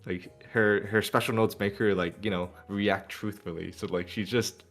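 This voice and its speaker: A man's voice: fairly low pitch, steady tone, moderate pace, a bit bright, soft background music. A man co-hosting a casual podcast, recapping an anime episode and laughing as he acts out characters. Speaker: podcast co-host.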